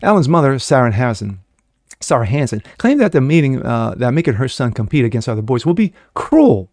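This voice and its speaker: A man's voice: medium pitch, sing-song, brisk, a little mellow, no echo. A man hosting a daily commentary show, talking in a sarcastic, mocking, loose and conversational way into a close mic.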